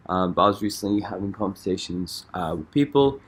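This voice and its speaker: Very low-voiced, hesitant young man. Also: expressive, brisk, breathy edge. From Scotland. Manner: rambling, hesitant, many fillers. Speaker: dance artist vlogger. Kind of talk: casual vlog. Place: London.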